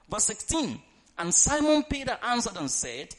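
A male preacher, delivering an emphatic sermon, reading scripture dramatically and urging the congregation to answer out loud. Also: high-pitched, sing-song, normal speed. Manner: emphatic, calls for congregation responses; reads scripture aloud in a dramatic tone.

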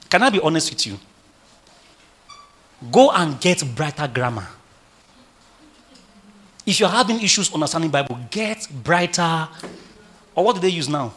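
A male pastor preaching a sermon, animated and full of rhetorical questions to his congregation. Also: fairly high pitch.

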